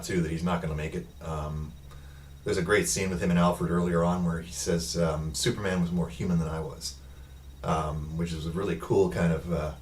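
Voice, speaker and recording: A man's voice: low-pitched, distant mic. A man giving a casual, rambling film review recap, with lots of ums and uhs, quoting the characters in his own voice.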